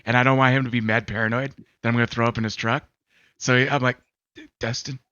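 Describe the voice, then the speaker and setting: A man co-hosts a gaming talk show, rambling casually with lots of fillers, telling stories and acting out quotes. His medium-pitched voice is fast, pushed, bright and smooth with little pitch movement; the dry recording sounds slightly dull, with faint music.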